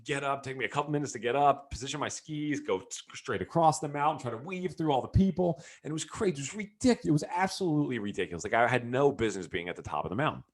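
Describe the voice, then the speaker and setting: A man telling a story in a loose, casual way, with his pitch swinging up and down as he goes. He speaks like a coach drawing a lesson for entrepreneurs, animated and full of restarts. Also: fast talker, hardly any pauses. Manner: animated, lots of fillers and restarts.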